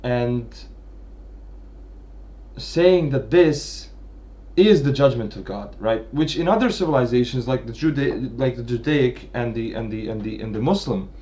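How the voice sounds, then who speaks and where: A man thinking aloud through a literary analysis at a medium pitch. He keeps restarting his phrases and checks in with a steady "right?" after each point. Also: unhurried. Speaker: literature commentator. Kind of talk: unscripted analytical lecture.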